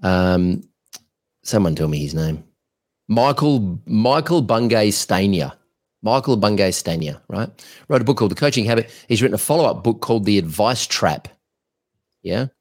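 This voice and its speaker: A man co-hosting a podcast, giving business coaching advice in an energetic, blunt, rambling way. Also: fairly low pitch.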